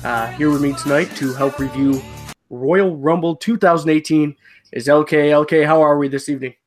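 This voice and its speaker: A man's voice: fairly high pitch, fairly even intonation, normal speed, faint music behind. A man hosting a podcast, running through wrestling matches in a matter-of-fact way with frequent "uh"s. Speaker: podcast host. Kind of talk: casual wrestling review chat.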